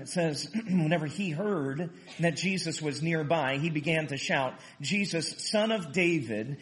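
A man preaching a sermon in an animated way, casually explaining a Bible passage and acting out the quotes. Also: on the high side. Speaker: pastor.

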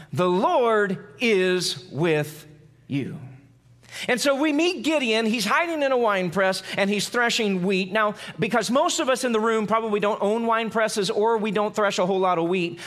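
High-voiced man preaching conversationally. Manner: conversational preaching with acted-out quotes; drops low and quiet for emphasis. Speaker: pastor. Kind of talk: sermon.

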